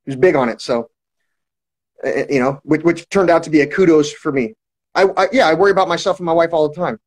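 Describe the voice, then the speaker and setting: A man with a slightly high voice talks a little fast to his livestream viewers in a long, rambling monologue full of restarts, repetition and heavy swearing. The recording quality is low.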